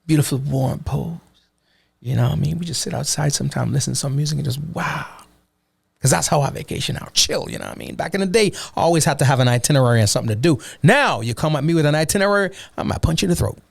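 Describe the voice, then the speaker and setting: A Jamaican vlogger chats casually about travel in a loose, animated way, his accent thickening into patois and "you know what I mean" coming up again and again. His gravelly voice is a little high and quick, recorded close and dry with no room sound.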